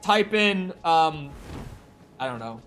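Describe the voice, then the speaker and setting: A man's voice: fairly high pitch, lively intonation, slow pace, a bit bright, faint music behind. A man chatting casually with viewers during a live gaming stream, rambling and swearing freely. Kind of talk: casual live-stream chat while playing.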